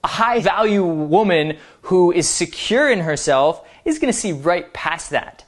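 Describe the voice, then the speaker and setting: A man's voice: high-pitched, animated, a little slow. Upbeat male dating coach. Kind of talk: instructional talk to camera.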